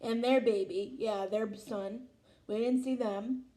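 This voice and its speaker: A young woman chats casually about a show she loves as host of her own vlog. She is emotional and gushing, full of exclamations, and her voice sits a little high with a mellow, warm tone. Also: fairly even intonation, measured pace. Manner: gushing, emotional, lots of "oh my God". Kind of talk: casual fan reaction chat.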